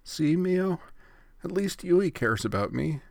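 A man voicing a brash, cheeky tomboyish teenage girl, raising his voice into a higher register. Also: big pitch swings, normal speed, no echo, clean studio sound, close to an everyday voice. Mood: whimpering. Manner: cheeky, whiny.

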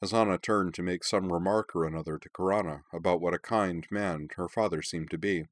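A man reading a novel aloud in measured, even storytelling narration. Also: deep voice, no echo. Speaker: audiobook narrator. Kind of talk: scripted narration.

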